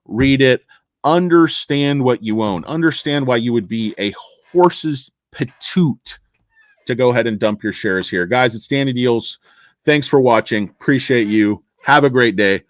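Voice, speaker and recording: A man's voice: mid-range voice, lively intonation, unhurried, dry recording, studio quality. A man hosting a casual stock market livestream, rambling and joking with crude, profane asides.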